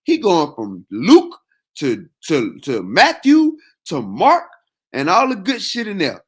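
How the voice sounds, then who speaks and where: A man talking in a loose, animated way, full of slang and cursing. His voice sits high and swings up and down a lot as he drives his point home. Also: slow pace, slightly rough. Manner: animated, repetitive, heavy slang and profanity. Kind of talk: casual freestyle talk.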